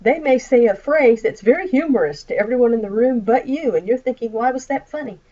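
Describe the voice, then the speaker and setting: A woman from the Midwestern United States who speaks with a Southern American accent, lecturing as a college instructor over slides and acting out example phrases. Her voice is fairly high, brisk and mellow, and the recording sounds muffled.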